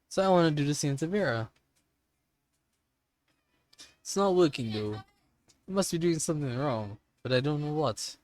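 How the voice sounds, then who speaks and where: A man voicing an eager, dim-witted young werewolf boy in a game, talking excitedly and earnestly. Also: on the high side, close to an everyday voice. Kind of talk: voicing a visual novel character.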